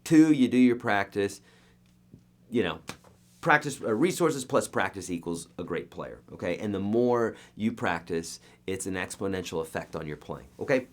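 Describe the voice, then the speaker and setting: A man's voice: on the low side, expressive, moderate pace. A man teaching a beginner guitar lesson, coaching emphatically and counting beats aloud as he strums. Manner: coaching, emphatic, repeats okay and right.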